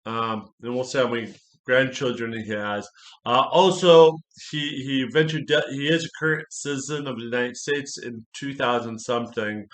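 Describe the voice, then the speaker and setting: A man's voice: medium pitch, fairly even intonation, normal speed. Rambling man reviewing a book. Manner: rambling, full of fillers and self-corrections; enthusiastic, repeats praise. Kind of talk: casual book review monologue.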